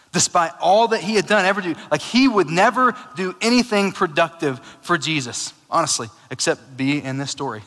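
A man preaching a sermon in a casual, animated way, with chatty asides. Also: mid-range voice. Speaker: pastor. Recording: long hall reverb.

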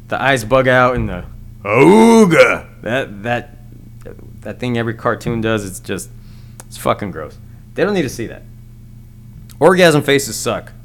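A man hosting a solo podcast, ranting crudely and rambling with frequent stammered restarts. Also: medium pitch. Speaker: podcast host. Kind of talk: solo comedic podcast rant.

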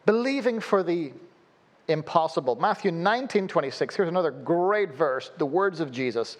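Male preacher, sermon, high voice, very lively pitch, humorous storytelling. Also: normal speed. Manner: animated, humorous storytelling with sudden drops to a low, quiet voice. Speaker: pastor.

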